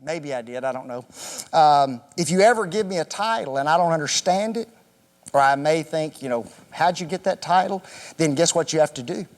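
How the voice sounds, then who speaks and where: High, lively man teaching a Bible class. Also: brisk. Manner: quizzes the class with questions, joking, often says "folks". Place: church classroom. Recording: echoey hall reverb.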